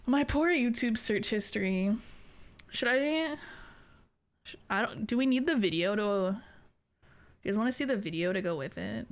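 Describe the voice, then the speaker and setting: Slow-talking giggly streamer woman. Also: mid-range voice. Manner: giggly, swears casually, talks to chat. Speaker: VTuber streamer. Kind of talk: casual stream chat.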